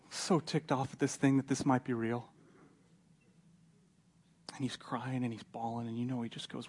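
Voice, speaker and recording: Husky-voiced pastor preaching animatedly. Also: male voice, mid-range voice, normal speed. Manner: animated storytelling, voicing characters, swinging from loud to hushed. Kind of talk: sermon.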